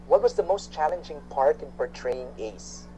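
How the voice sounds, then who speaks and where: A man hosting an interview, reading out viewer questions in a measured way, mixing English and Tagalog. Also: a little high, sing-song, mellow, slight background noise, low-quality recording. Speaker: interview host.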